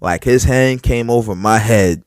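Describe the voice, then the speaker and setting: A male podcast co-host tells a story in casual, profane talk, animatedly retelling it with heavy filler words and restarts. His mid-range voice is clear and resonant and unhurried, recorded in studio quality with no echo.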